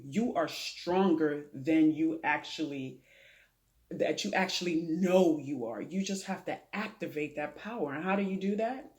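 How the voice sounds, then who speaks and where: A woman with a lowish, somewhat dark voice appears as a guest on a talk show, offering heartfelt testimony. She speaks earnestly about faith, prayer, and her late father, handing out advice in the manner of a preacher.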